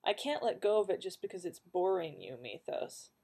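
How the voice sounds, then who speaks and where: A grim, guarded immortal swordsman, as a woman reads him, his words coming out tight, clipped and gruff. The voice sits a little low, with a warm, mellow tone. It is a storybook reading rather than a full performance. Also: very animated, normal speed, exaggerated voice. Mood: strained. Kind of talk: audiobook character reading.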